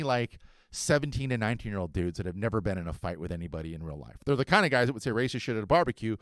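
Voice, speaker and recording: A man in his forties from Southern California tells a story at a rapid clip, swearing freely. His pitch jumps around as he talks. The recording is dry and close. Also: no echo. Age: 40s. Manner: animated, profane, quick-talking. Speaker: podcast host. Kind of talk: casual storytelling.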